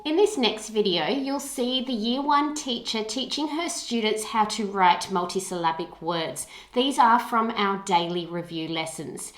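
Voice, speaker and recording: A woman's voice: mid-range voice, expressive, measured pace, few pauses, roomy sound. Australian woman explaining reading lessons. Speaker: literacy educator narrating teaching videos. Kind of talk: instructional narration.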